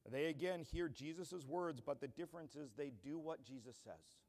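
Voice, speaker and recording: A man's voice: a little high, moderate pace, darkish tone. A man pastor preaching a sermon in an earnest style that builds to emphatic declarations. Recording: long church hall reverb.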